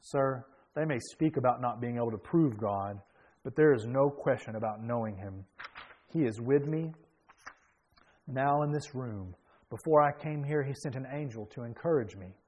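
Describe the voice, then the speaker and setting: A preacher reading as a quiet devout young soldier. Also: male voice, medium pitch, moderate pace, close to an everyday voice, rough recording. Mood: earnest. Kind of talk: sermon story reading.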